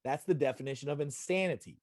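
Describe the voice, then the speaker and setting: A man's voice: on the high side, quick pace, dry recording, clean studio sound. Emphatic man giving a wellness talk. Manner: emphatic, repetitive, direct address with frequent "okay?". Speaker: wellness presenter. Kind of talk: live online health talk. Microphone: video call.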